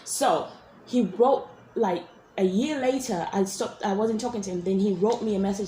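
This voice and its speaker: Woman vlogger, rambling storyteller, mid-pitched voice, roomy echo with faint hiss. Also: normal speed, warm tone. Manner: rambling, full of restarts and asides. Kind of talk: casual storytelling vlog. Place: hotel room.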